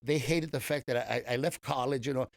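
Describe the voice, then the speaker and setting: A man's voice: medium pitch, fast talker, vocal fry, no room sound. An older man, a comedian being interviewed, telling long stories in a casual, rambling way with many restarts. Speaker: comedian guest.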